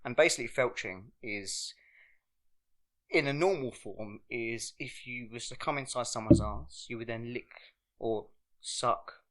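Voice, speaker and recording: A man's voice: mid-range voice, a little slow, a bit bright. A young man from England, co-hosting a podcast, telling rambling stories in casual pub chat. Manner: rambling storytelling with frequent laughter. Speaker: podcast co-host.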